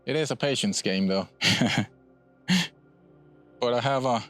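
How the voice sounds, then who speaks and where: A man from Puerto Rico, a bonsai nursery owner, casually explaining his trees in a relaxed, rambling way with frequent restarts outdoors at his nursery. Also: mid-range voice, takes it slowly, faint music behind.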